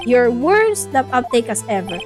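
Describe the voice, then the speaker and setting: A gruff police chief who lords it over the courtroom, gloating and taunting everyone in his way, as a woman puts him on. His voice sits lower than a plain voice but still rings high, with faint music underneath. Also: big pitch swings, moderate pace. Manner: gloating, menacing.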